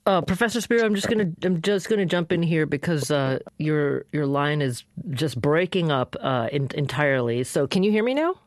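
A woman's voice: low voice, lively intonation, normal speed, few pauses, no echo, studio quality. A woman hosting a radio interview program, talking conversationally and steering the discussion. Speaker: radio talk show host.

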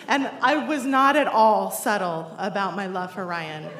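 A woman's voice: mid-range voice, fairly bright tone. A woman in her forties telling a personal story to an audience in a wry, self-deprecating way, often laughing as she talks. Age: 40s. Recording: roomy echo.

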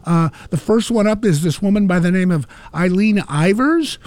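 Radio co-host, man, high pitch, dry sound, enthusiastic storyteller. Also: normal speed, a little mellow, no room sound. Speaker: radio co-host, music segment. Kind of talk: casual radio chat.

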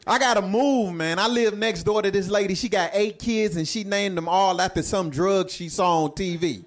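A man with a fairly high voice works through a stand-up set. His telling is laid-back and loose, full of everyday vernacular. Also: moderate pace, few pauses, some chatter behind. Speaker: stand-up comedian.

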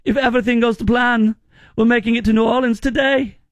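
A man's voice: extremely high pitch, fairly even intonation, brisk, no echo, pitched above the performer's own voice. A man putting on a mock German accent to voice an upbeat, awestruck German tourist. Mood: cheerful. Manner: exaggerated, upbeat.

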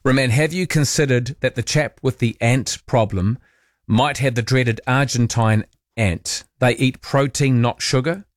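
A man's voice: mid-range voice, measured pace, no room sound, studio quality. A man hosting late-night talkback radio, chatting and reading out listener texts. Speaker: overnight radio host.

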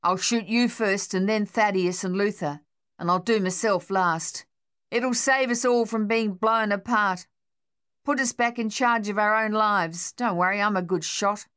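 A woman's voice: fairly low pitch, normal speed, fairly bright tone, clean tone, close to an everyday voice. A woman voicing a shaken young male Australian soldier, pleading and raw with despair. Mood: distraught.

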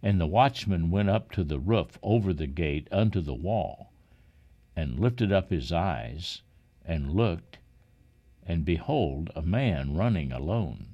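A man reading scripture aloud in a solemn, measured way. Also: low voice, expressive, muffled recording. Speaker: reader.

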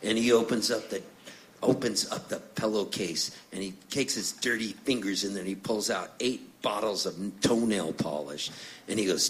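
A man's voice: on the low side, moderate pace, a little hiss or hum, low-quality recording. A middle-aged singer-songwriter telling playful, rambling stories between songs on a live stage, laughing as he goes. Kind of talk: onstage storytelling.

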